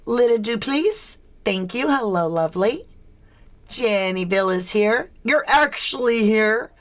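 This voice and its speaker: A woman's voice: on the high side, expressive, takes it slowly. A woman from the States, hosting a casual true crime livestream, chatty and questioning as she greets viewers. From southern United States.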